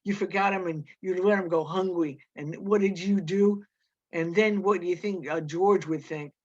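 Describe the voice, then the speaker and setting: A scornful giant male rabbit drawls his taunts slowly and with contempt, as a woman reader puts him on. He jeers and belittles. The storybook recording sounds dull and lo-fi. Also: fairly low pitch, darkish tone, natural voice.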